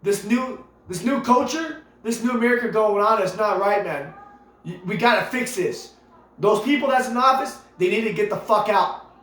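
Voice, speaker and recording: A man's voice: high-pitched, lively intonation, moderate pace, a bit bright. A man delivering an impassioned political rant to camera, emphatic and preachy, piling up rhetorical questions and repeating himself. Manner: repeats himself, stumbles into restarts. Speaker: vlogger. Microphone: camera mic. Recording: echoey room with faint music behind.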